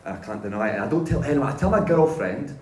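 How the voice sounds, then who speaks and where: A pastor telling his own faith story in a sermon, animated and self-mocking, with casual slang. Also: medium pitch, racing. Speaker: pastor giving a testimony. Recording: roomy hall echo.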